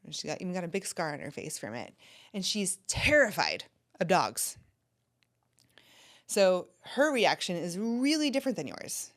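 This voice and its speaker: Brief: animated woman life coach hosting her own podcast, conversational and direct. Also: on the low side, moderate pace. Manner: animated, conversational, talks to the listener. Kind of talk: solo podcast teaching.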